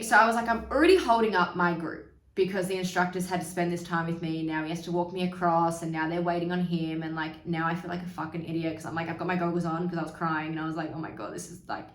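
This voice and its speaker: A woman's voice: fairly low pitch, far from the mic. A young woman hosting a podcast, candidly telling a personal story in a chatty way, swearing freely and acting out the people she quotes. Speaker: podcast host. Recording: roomy, from away from the mic.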